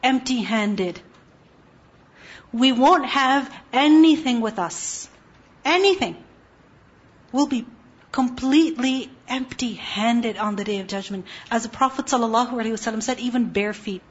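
A woman's voice: a little high, a little slow. A woman giving an Islamic lesson to teenagers, asking the class questions and answering them herself, with passages recited in Quranic Arabic. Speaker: religious teacher. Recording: dull lo-fi recording.

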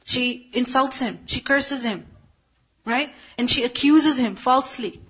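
High-voiced woman lecturing with rhetorical questions. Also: measured pace, fairly bright tone, breathy edge. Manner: explains step by step with rhetorical questions. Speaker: religious teacher. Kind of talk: explanatory lecture. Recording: dull lo-fi recording.

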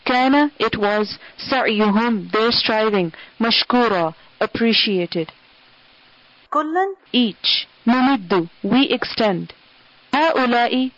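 A woman's voice: a little high, animated, quick pace, fairly bright tone, no echo, lo-fi sound. A woman reciting scripture one Arabic word at a time and giving a short English gloss after each, in a clipped, methodical way. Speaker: Quran word-by-word translator.

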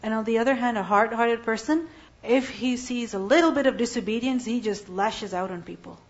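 A woman's voice: a little high, fairly quick. A woman giving an Islamic lesson, asking her listeners questions and then answering them herself. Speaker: religious teacher. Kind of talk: Islamic lecture. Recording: dull lo-fi recording.

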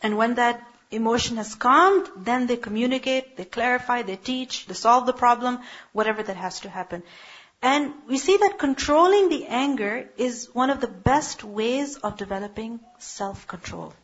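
A woman's voice: on the high side, moderate pace, fairly bright tone, breathy edge, lo-fi sound. A woman teaching an Islamic lecture in an earnest, emphatic way, often asking her listeners questions. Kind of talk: religious lecture.

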